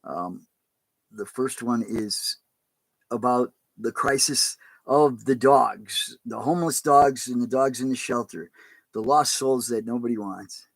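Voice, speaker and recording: A man who is a pastor, talking in a casual, rambling and halting way on a livestream. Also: medium pitch, creaky, no echo.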